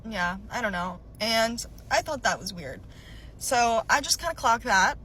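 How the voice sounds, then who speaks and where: A young woman casually recounting a personal story for a storytime vlog, animated and chatty with many filler "likes". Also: mid-range voice, slight background noise, low-quality recording.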